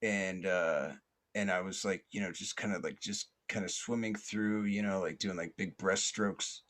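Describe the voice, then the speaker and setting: A man's voice: deep voice, steady tone, normal speed, a bit bright. A man hosting a podcast, telling a long story in a casual, rambling way, with many fillers and restarts and plenty of swearing. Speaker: podcast host.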